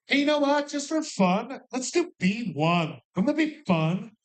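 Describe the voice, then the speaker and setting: A man calling bingo numbers with playful rhymes and jokes, repeating each number slowly. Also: very high-pitched, big pitch swings. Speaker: bingo caller.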